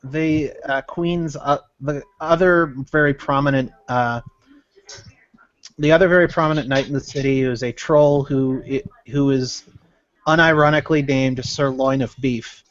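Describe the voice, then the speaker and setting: A man narrating as game master in a casual, halting way, on a slightly muffled recording. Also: medium pitch, steady tone, no room sound. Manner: halting, casual, full of fillers.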